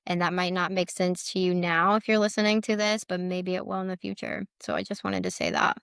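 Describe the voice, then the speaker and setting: Speaking a little fast and flatly, a woman with a gravelly, low-leaning voice sounds fairly bright, clear and resonant. She's a letter board practitioner appearing as a guest in a casual interview, earnest and emotional, with frequent use of "like." The studio-quality recording has no echo.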